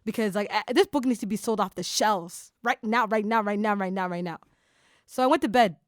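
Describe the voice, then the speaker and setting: A woman's voice: mid-range voice, a little fast, no echo, clean studio sound. A woman hosting a podcast in casual chat, talking in enthusiastic bursts with lots of fillers. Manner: animated, enthusiastic, talks in bursts with many fillers. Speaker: podcast host.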